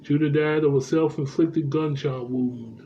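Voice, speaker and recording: A man's voice: fairly high pitch, fairly even intonation, vocal fry, warm tone. A man vlogging the news, stumbling through reports with many fillers and restarts. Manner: halting, heavy with uh fillers and restarts. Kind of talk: casual news commentary, reading reports aloud. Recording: dull lo-fi sound, faint background noise.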